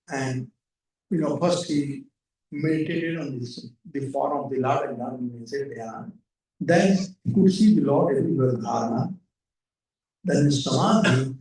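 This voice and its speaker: A man telling a scripture story as a lecture, slow and halting, dropping in Sanskrit terms. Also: medium pitch, warm tone. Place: devotional gathering hall. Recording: echoey room, mic far off.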